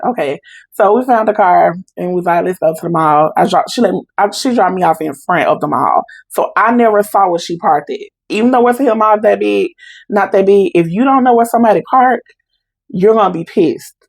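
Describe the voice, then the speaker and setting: A woman's voice: medium pitch, fairly quick, gravelly, dry recording, poor audio. A young adult woman, a podcast guest, animatedly retelling a family story and acting out the voices in it. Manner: animated retelling with quoted dialogue in Southern Black vernacular. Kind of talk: casual storytelling.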